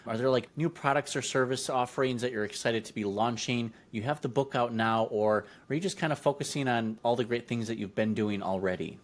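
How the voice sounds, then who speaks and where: A man's voice: medium pitch, fairly quick, few pauses. A man hosting a podcast interview, affirming his guest and asking questions in a friendly way. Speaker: podcast host. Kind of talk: conversational interview.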